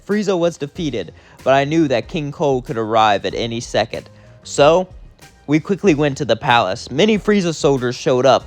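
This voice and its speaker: A young man narrating a fan story in a casual, chatty way. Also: mid-range voice. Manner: casual, chatty, often quiet.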